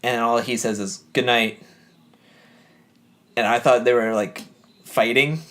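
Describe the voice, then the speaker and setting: A man co-hosting a podcast casually recaps a reality show, rambling along with plenty of fillers and acting out quoted lines. His medium-pitched voice is a bit bright, with fairly even intonation and normal speed.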